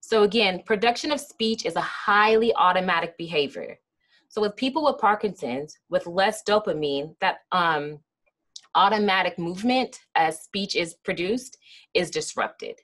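A woman with a slightly low voice delivers an educational lecture. She explains things patiently and often pauses on "um" and "kinda". Now and then she acts out short example phrases. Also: expressive, fairly bright tone. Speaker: speech therapist giving a lecture.

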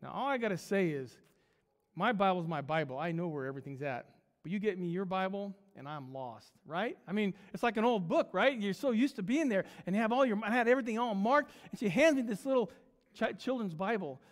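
A man preaches in a small church, his voice pitched high and ringing with long reverb off the walls. He tells his story with animation, slipping into the voices of the characters and restarting his sentences as he goes. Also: lively intonation, a little fast. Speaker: pastor. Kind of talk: sermon with a storytelling anecdote.

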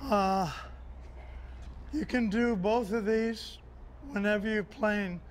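Man, high voice, tennis coach, calm and encouraging, faint outdoor hiss. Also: slow. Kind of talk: on-court instruction.

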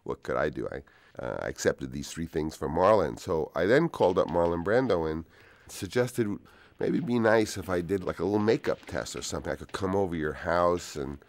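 Man, sixties, very deep low voice, relaxed rambling storyteller, soft asides, commentary track. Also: brisk, no room sound. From United States. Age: 60s. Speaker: film director. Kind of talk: DVD audio commentary, anecdotal storytelling.

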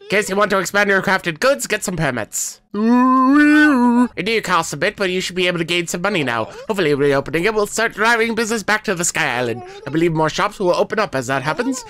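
Man doing a chirpy high town official. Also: expressive, brisk, bright, forceful tone. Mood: cheerful. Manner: chirpy and welcoming. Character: eager chatty male town official.

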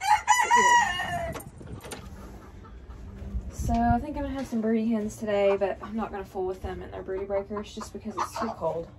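A woman's voice: medium pitch, steady tone, fast, hardly any pauses, darkish tone, a little hiss or hum. A woman chatting casually to the camera while doing chicken chores outdoors and talking sweetly to her hens. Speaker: chicken keeper vlogger. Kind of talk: casual vlog narration during chores. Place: outdoors at a chicken coop in freezing weather. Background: clucking chickens.

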